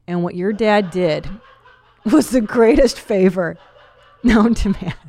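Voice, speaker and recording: A woman's voice: medium pitch, slow pace, mellow. Frank, chatty woman podcast host. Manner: frank, chatty, laughs often. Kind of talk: casual podcast chat.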